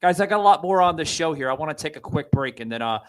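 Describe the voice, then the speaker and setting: A man's voice: on the high side, animated, fast talker, clear, resonant tone. A man hosting a political talk podcast, stumbling over repeated words before building to indignant, emphatic points. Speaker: podcast host.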